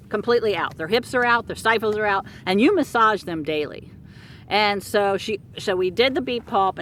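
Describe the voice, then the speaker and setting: A middle-aged woman casually telling a long story about her work with horses, rambling and animated, with many fillers and restarts. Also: mid-range voice, slight background noise. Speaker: horse care practitioner telling a client story.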